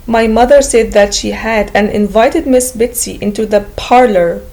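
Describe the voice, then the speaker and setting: A woman's voice: fairly high pitch, normal speed, darkish tone, rough recording. A woman reading a classic novel aloud as an audiobook narrator, in a careful storybook manner.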